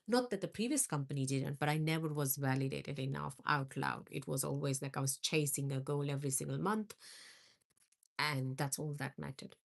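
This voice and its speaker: Low, gravelly-voiced woman chatting. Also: moderate pace. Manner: thoughtful, lists ideas with many fillers. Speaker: host. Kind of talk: casual live-stream chat.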